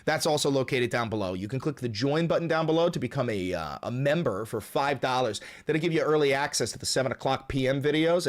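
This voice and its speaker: Guy doing a political rant vlog, swears nonstop, blunt, worked up. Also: mid-range voice. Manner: swears constantly, blunt and fired-up. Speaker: political commentary host. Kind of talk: casual profane political rant.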